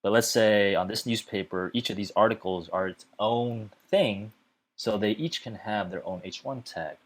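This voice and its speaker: Low-voiced man explaining web code. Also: normal speed. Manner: chatty, fills gaps with okay and uh. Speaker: web development tutor. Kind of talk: casual explainer lesson.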